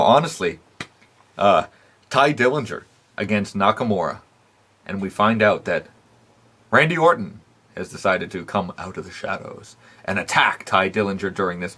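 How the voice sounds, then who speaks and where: A man with a lowish voice rants through a casual recap, blunt and profane. He swears nearly every sentence and fills the gaps with "uh" and "um", all in loose, opinionated show talk. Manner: animated rants with frequent fillers and laughs. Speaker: wrestling podcast host.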